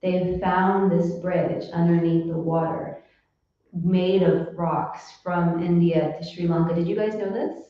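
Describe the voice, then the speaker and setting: Chatty woman lecturer, low voice, distant and muffled, big echo. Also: steady tone, unhurried. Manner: chatty, lots of fillers, storytelling. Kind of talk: casual devotional lecture. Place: temple hall. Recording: echoey hall, distant mic, dull sound.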